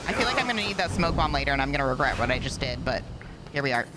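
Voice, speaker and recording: Excitable, swearing speedrunner on stream. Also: medium pitch, rapid-fire, very noisy. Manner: excitable, swears, talks to self. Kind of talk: live-streamed speedrun commentary.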